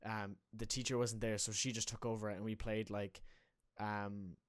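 A young Irish man talks casually in a low voice, often stopping to restart or correct what he's saying. The sound is dry and close, with no room around it. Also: flat delivery, moderate pace, no echo. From Ireland. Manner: rambling, self-correcting storyteller. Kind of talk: casual chat.

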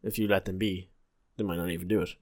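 A man's voice: deep voice, fairly even intonation, fast talker. A young man, chatting casually and agreeably on a podcast, adding his own points. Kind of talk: casual chat.

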